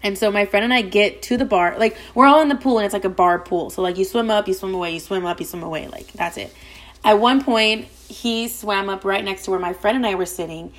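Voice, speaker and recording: Rapid, gossipy young woman podcaster. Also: medium pitch. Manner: rapid, profane, gossipy, heavy use of "like". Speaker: podcast host. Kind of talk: casual storytelling.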